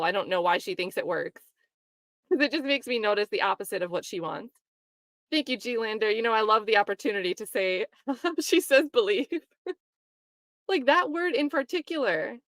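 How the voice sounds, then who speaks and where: A woman hosting a casual livestream, commenting on a trial and reading viewer chat, chatty and quick to laugh. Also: medium pitch, a bit bright, no room sound, studio quality. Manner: chatty, laughs often, mocks quoted voices.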